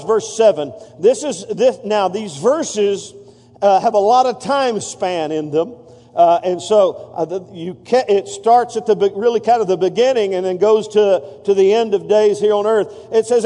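In a church sanctuary, a male pastor with a high, dark-toned voice preaches a sermon, calling on the congregation to answer back and repeat after him. The large hall adds a long reverb.

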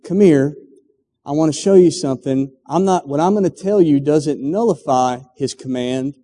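A man's voice: a little high, moderate pace, mellow. A male preacher voices a kind man coaxing someone down off the track. His manner is reassuring and patient. The voice carries a long hall reverb.

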